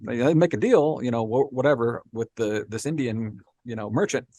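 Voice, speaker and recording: A man co-hosting a podcast, explaining history in a relaxed, conversational way and checking in with "right?" often. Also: medium pitch, normal speed, no echo. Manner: explains with frequent "right?" and "you know". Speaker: podcast co-host. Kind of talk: casual explanatory chat.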